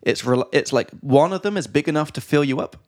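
A man's voice: fairly high pitch, lively intonation, fairly quick, a little mellow. Chatty man explaining English expressions. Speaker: podcast host and English teacher. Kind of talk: casual podcast chat. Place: studio.

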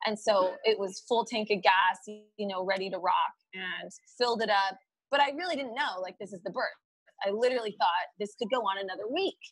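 A woman guest telling a story in a casual, animated way, laughing often and quoting her own thoughts aloud. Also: medium pitch, brisk, slightly rough, no echo, rough recording. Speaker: podcast guest.

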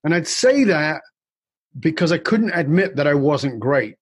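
A man's voice: on the high side, lively intonation, measured pace, husky, no echo. A man guest in an interview, candidly and reflectively telling a personal story with casual swearing.

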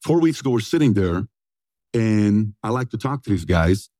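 A man in his forties telling a story to an audience, energetic and punchy, often throwing questions back at them. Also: fairly low pitch, normal speed, no echo. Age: 40s. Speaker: motivational speaker.

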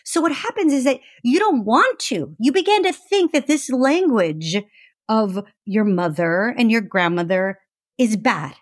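A woman talking as a podcast guest and author, chatty and animated, with lots of fillers. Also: fairly high pitch, unhurried, dry recording, clean studio sound. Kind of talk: casual conversational interview.

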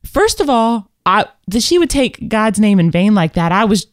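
A woman co-hosting a casual live talk show, telling stories in an animated, candid and self-reflective way. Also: mid-range voice, normal speed, no room sound, studio quality. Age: adult with children. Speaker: podcast co-host. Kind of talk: casual chat.

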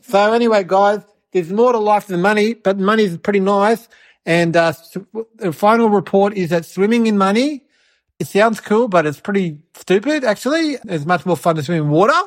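A woman's voice: medium pitch, moderate pace, close to an everyday voice. A woman performing a cheeky little boy in a comedy sketch, telling a rambling story with giggles and mocking impressions of his relatives.

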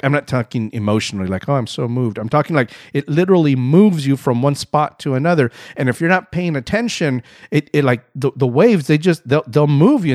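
Middle-aged male podcast host, animated self-mocking storyteller, close dry mic. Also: fairly high pitch, no room sound. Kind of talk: storytelling monologue.

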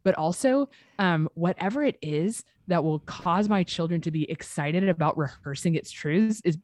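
A woman's voice: fairly low pitch, expressive, moderate pace, darkish tone, no room sound. A woman in her thirties, a guest author, talking in an earnest, encouraging way with many fillers. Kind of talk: casual interview chat.

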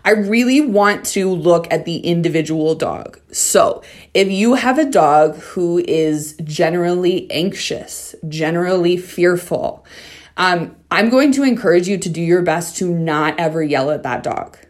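A woman's voice: fairly low pitch, a little slow. Young woman doing a dog podcast, blunt, swears a lot, keeps asking okay?. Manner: frank, swears freely, asks "okay?" often. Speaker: podcast host, dog trainer. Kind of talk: casual podcast talk.

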